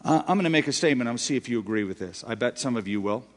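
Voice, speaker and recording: A male pastor preaching a sermon, swinging between loud emphasis and quiet, drawn-out phrases. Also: medium pitch, expressive. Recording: long hall reverb.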